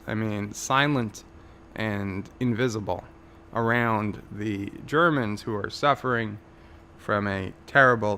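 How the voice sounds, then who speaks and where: A man spins a rambling comic tale at an unhurried pace, his voice gravelly and low at the edges. He restarts and pads with fillers while keeping a mock-earnest tone. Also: fairly bright tone, slight background noise. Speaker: YouTuber telling a mock history.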